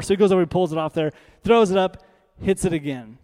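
Man preacher, animated storytelling sermon, higher-pitched voice, long hall reverb. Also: quick pace. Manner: animated, conversational, frequent "right?".

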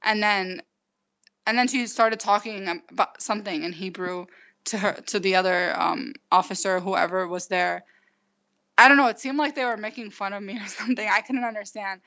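A woman in her twenties from the United States, recounting events in a halting way with many fillers and restarts. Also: mid-range voice, fairly even intonation, pushed and bright. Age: 20s. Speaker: interview guest. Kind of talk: casual recounting. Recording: dull lo-fi recording.

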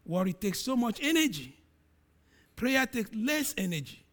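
A middle-aged man preaching a sermon, reading scripture dramatically with loud emphatic peaks and quiet low drops. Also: very animated, measured pace.

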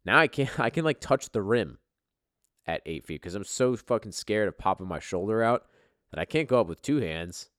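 A man hosting a podcast in casual, profane banter, excitable and swearing, with sudden jumps in volume. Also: fairly low pitch, moderate pace, no room sound, clean studio sound. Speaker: podcast host.

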